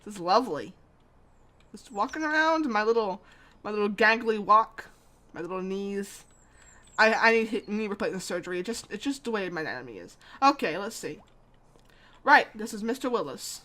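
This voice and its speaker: A woman's voice: mid-range voice, animated, normal speed, pushed and bright. A young woman chatting with giggly, self-mocking asides while playing through a story game. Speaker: gamer. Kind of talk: let's-play commentary.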